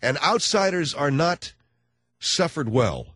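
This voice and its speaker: Sarcastic radio host guy riffing on air, bouncy up and down pitch, dry close studio mic. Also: big pitch swings, takes it slowly, a bit bright, slightly rough, no echo. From United States. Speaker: radio talk show host. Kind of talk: comedic talk radio monologue.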